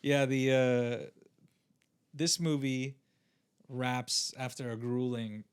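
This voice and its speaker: A man's voice: medium pitch, level tone, slow pace, clean tone. A young man co-hosting a podcast in casual chat, rambling with lots of fillers and restarts. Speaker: podcast co-host.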